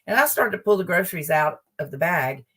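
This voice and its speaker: An older woman, a guest humorist, telling a funny story from home in a lively, laughing way. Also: on the low side, fairly quick, slightly rough, far from the mic. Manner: animated, laughs as she tells the story. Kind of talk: comic storytelling.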